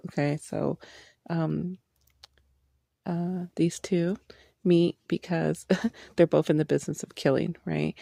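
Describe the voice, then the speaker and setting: Female book vlogger, excitable and sweary, very fry-heavy mellow tone, dry close sound. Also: deep voice, no room sound. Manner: excitable, swears a lot, gushing. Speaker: book reviewer. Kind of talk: casual book review vlog.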